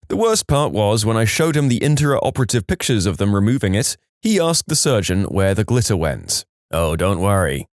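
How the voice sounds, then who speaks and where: Man, scripted story narration, lively pitch, dry comic timing, dead-dry close recording. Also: dry recording. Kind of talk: scripted narration of reader stories.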